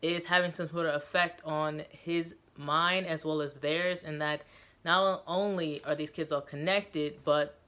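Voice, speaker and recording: A woman's voice: low-pitched, steady tone, unhurried, sharp tone. Woman casually reading a story aloud. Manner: casual, filler-heavy asides, dramatic read. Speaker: channel host reading a story.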